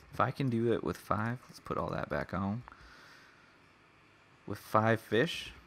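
A man's voice: fairly low pitch, vocal fry, a bit bright, slight background noise. A man giving casual let's play commentary, chatting to the animals in his game with mock-angry outbursts. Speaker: gamer.

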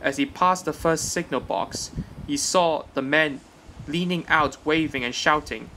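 A man's voice: fairly high pitch, measured pace, pushed and bright, slight background noise, rough recording. A man reading a children's railway story aloud as the narrator.

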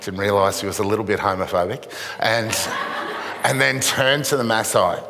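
A middle-aged man, a charity chief, telling stories in a keynote speech, halting and self-mocking. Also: on the low side, vocal fry, background noise. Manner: halting storytelling with dry self-mocking humor. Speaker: charity CEO, event speaker. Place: event venue with an audience. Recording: echoey event hall reverb.

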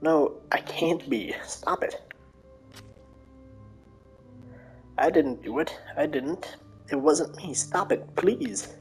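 A woman's voice: low voice, animated, takes it slowly, vocal fry, soft background music, exaggerated voice. A woman voicing a frightened young girl who speaks in an anxious, pleading manner.

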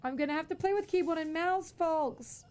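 A woman's voice: very high-pitched, fast, a little mellow. A woman streaming a game live, commentating with panicky outbursts and swearing, and chatting with her viewers between fights. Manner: chatty, thanks and talks to viewers.

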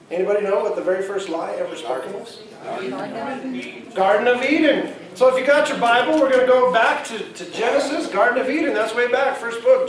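A man preaching a sermon as pastor, talking conversationally and asking the congregation questions. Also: very high-pitched. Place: church sanctuary. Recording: echoey church hall, mic at a distance.

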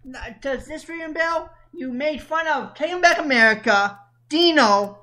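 High-voiced woman hosting internet radio. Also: unhurried, pushed and bright. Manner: taunting, stumbling restarts. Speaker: radio show host. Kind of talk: casual radio banter.

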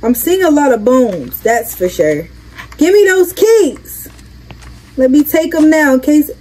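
A woman's voice: high-pitched, very animated, moderate pace, a little mellow, low-quality recording. A young woman giving chatty, slangy commentary while playing a game. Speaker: gaming creator. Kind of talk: casual gameplay commentary. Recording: game noise behind voice.

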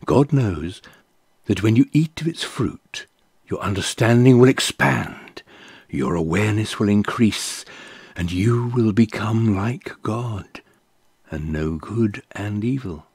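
A man voicing a scheming serpent with sly, drawn-out speech in a Bible reading. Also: on the low side, darkish tone, slightly rough, dry recording, pitched above the performer's own voice, heavily acted. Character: scheming serpent speaking for the devil.

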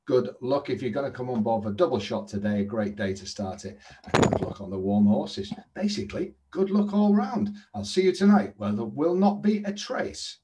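A man hosting a daily horse racing tips update from an indoor trading room, brisk and salesy, chatty between tips. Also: medium pitch, sing-song, warm tone, a little hiss or hum.

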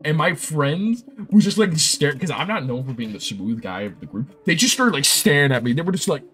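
A young man live-streaming a game, chatting casually and telling rambling, excitable stories. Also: a little high, normal speed, few pauses.

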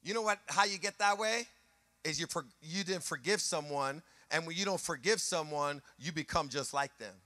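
A pastor preaching a sermon with animated delivery, dropping to quiet asides and rising to shouted passages, acting out other people's voices along the way. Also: male voice, on the high side, normal speed, dry recording. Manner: acts out voices of people and scenes in his preaching.

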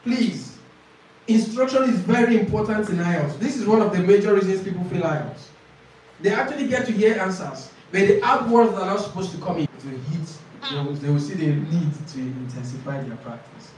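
A man's voice: high-pitched, animated, a little mellow, recorded from a distance, slight background noise. Man teaching a class in an echoey room. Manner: explains slowly, repeats key phrases, quizzes students. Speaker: IELTS tutor.

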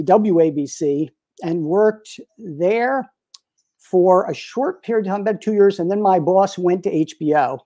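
A man in his sixties, a retired publicist and interview guest, telling lively anecdotes with frequent chuckles. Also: sits high. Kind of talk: storytelling in a casual interview.

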